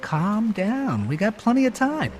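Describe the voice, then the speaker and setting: A man's voice: sits high, big pitch swings, measured pace, a little mellow, distant mic. An actor voicing a cocky young male bear who talks in an easygoing way. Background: orchestral film music.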